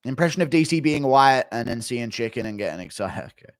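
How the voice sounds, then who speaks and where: A man's voice: medium pitch, animated, fast talker, no echo, studio quality. A man streaming casually, reading out donations and joking in a wry, offhand way. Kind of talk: casual live-stream commentary.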